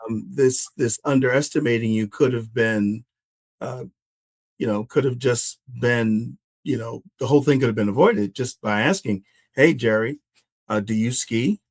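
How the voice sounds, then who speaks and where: A man's voice: medium pitch, normal speed, no echo. A man hosting a podcast, talking in a reflective, hesitant way with many fillers. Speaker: podcast host. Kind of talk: conversational interview.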